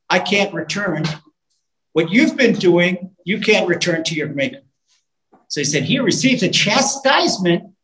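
A man, a rabbi, telling a story in a live sermon with animated delivery, singing snatches of old songs and building to fervent emphasis. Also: high voice. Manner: animated storytelling with sung lines and rising fervor. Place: live talk in a room. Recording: roomy live hall recording.

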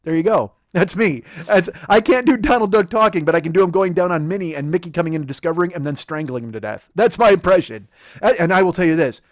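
Fast-talking profane comedian, dry close mic. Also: male voice, high-pitched, expressive, dry recording. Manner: profane, rambling, rapid rants with mocking put-on quotes. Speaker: podcast host, comedian. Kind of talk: casual comedic chat. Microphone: close studio microphone.

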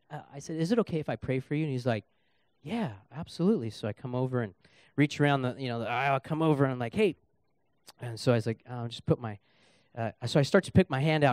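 A man's voice: mid-range voice, no room sound, clean studio sound. A young adult man preaching in a church as a guest speaker, telling a personal story and acting out the dialogue. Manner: animated storyteller, acts out dialogue. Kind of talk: sermon with storytelling. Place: church sanctuary.

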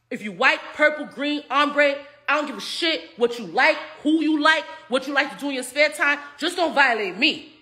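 This high-voiced woman in her thirties is a reality TV cast member being interviewed at a restaurant table. She keeps it casual and lively, cursing without hesitation and laughing a lot.

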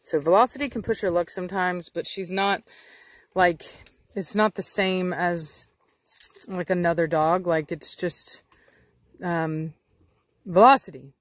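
A woman hosting a casual dog vlog outdoors. She explains training in a chatty way and switches to coaxing baby talk and sharp commands for her dogs. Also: on the low side, fairly even intonation, a little slow, pauses often, dry recording. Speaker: dog breeder and channel host.

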